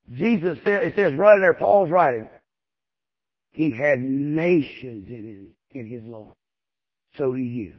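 A man's voice: fairly high pitch, no room sound, highs cut off. A man preaches a sermon in a folksy, emphatic, repetitive way.

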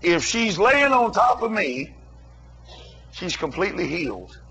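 A man's voice: high voice, big pitch swings, a little slow, gravelly, sharp tone, slightly rough. A middle-aged man preaching a sermon, telling a story in an emphatic, emotional way.

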